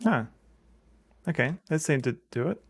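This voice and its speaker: A man's voice: mid-range voice, animated, moderate pace, creaky. A man streaming a computer game, thinking aloud hesitantly and reading the game's text out. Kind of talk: casual gameplay commentary.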